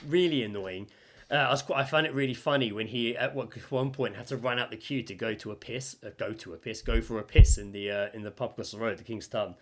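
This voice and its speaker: A man's voice: mid-range voice, quick pace, background noise. A man co-hosting a podcast, telling a story in casual chat and acting out the people he quotes. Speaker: podcast co-host.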